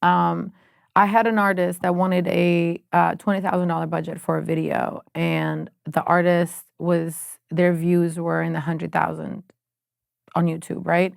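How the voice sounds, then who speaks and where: A woman music executive as a podcast guest, telling animated stories in a casual chat with quick restarts. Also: lowish voice, creaky, no room sound, studio quality.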